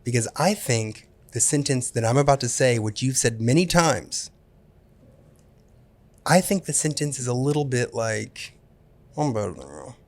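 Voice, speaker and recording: A man's voice: medium pitch, measured pace. A man co-hosting a comedy podcast, chiming in with dry, teasing remarks. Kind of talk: casual comedic chat.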